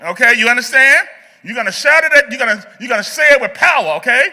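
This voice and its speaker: A man's voice: very high voice, lively intonation, fast, pushed and bright. Man leading chants in an echoey hall. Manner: commanding, coaching a crowd of kids. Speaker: youth event leader. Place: large meeting hall.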